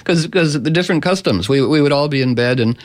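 A man's voice: on the high side, fast talker. Rambling, playful male radio host. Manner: rambling, animated storytelling with playful voices for animals. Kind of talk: casual radio interview chat.

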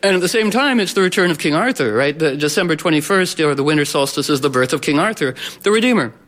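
A man giving an informal astrology talk to a live audience, rambling and playful, with many fillers, restarts and sudden animated voices. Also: on the high side, quick pace.

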